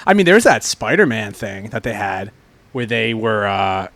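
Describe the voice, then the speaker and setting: A man's voice: lowish voice, big pitch swings, unhurried, no room sound. Joking male podcast host. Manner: jokey, breaks into loud off-key singing. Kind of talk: casual comedy chat.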